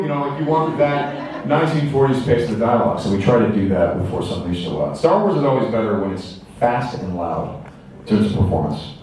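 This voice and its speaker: A man answering fan questions at a convention, telling lively anecdotes and acting out quotes. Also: on the low side, fast talker, distant mic, a little hiss or hum. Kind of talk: animated storytelling to an audience. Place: large convention hall. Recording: echoey convention hall from afar.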